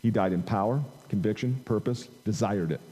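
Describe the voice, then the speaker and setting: A man's voice: fairly low pitch, moderate pace, warm tone, husky, big-room sound, rough recording. A man preaching a conversational sermon into an amplified microphone, reading scripture aloud and rising in emphasis. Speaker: pastor. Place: church sanctuary.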